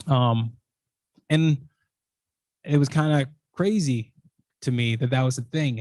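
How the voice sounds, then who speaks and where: Male speaker at a podium, middle pitch, informal storytelling with lots of restarts, dry sound. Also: darkish tone, no room sound. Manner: conversational, heavy use of "like", frequent restarts. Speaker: invited speaker. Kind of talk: personal storytelling talk.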